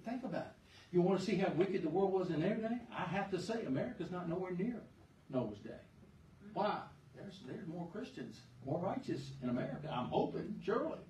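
A male pastor preaching a sermon in a church, emphatic, swinging between loud and soft and asking the congregation questions. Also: fairly high pitch, a little hiss or hum. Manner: emphatic, rises and drops sharply in volume, asks the congregation questions. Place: church sanctuary. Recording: echoey church room, far mic.

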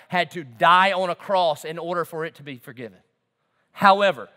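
A man preaching a sermon as pastor, fervent, swinging from loud emphasis to hushed tones. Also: a little high. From southern United States. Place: large church auditorium. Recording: long reverb of a large hall.

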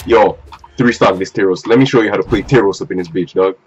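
A man's voice: deep voice, quick pace, dull audio. A young man giving live commentary while playing a ranked fighting game, swearing, trash-talking and repeating his phrases. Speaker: gamer. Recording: faint game music behind.

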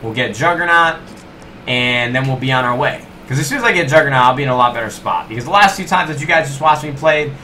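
A young man giving live gameplay commentary, animated and self-mocking, talking straight to his viewers. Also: mid-range voice, quick pace, a little hiss or hum. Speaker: gaming YouTuber.

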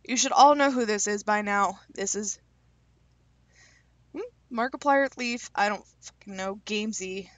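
A young woman reading quiz questions aloud and answering them with quick, self-deprecating jokes in a casual vlog. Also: medium pitch, dry recording. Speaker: YouTuber taking online quizzes.

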